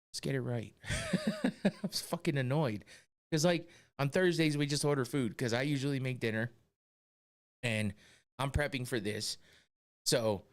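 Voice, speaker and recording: A man's voice: medium pitch, clean tone. A man hosting a podcast, ranting casually with lots of swearing, exasperated and often breaking into laughter. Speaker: podcast host.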